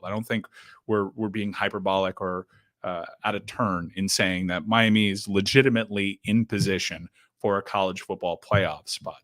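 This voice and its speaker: A man co-hosting a sports podcast, giving measured football analysis in casual talk. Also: lowish voice, fairly bright tone, no room sound, studio quality. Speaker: podcast co-host.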